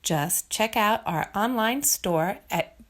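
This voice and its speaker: A woman reading a children's story aloud for a shop's storytime, animated and expressive. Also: mid-range voice, takes it slowly. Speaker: storytime reader for a shop. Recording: long room reverb, faint ambient noise.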